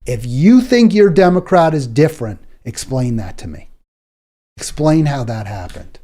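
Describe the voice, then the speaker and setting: Indignant, mellow-voiced male political host. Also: medium pitch, big pitch swings, moderate pace. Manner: indignant, exasperated, repeats words when worked up. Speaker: political talk show host. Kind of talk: political commentary monologue.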